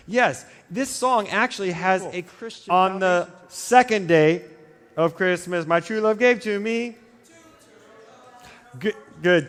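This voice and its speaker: A man with a fairly high voice preaches to a youth group in a loose, joking way, wandering into side stories and breaking off his own sentences. His voice rings out with a long reverb through a large church hall. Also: animated, moderate pace. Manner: rambling, digressive, self-interrupting. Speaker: youth pastor. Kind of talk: casual humorous youth sermon.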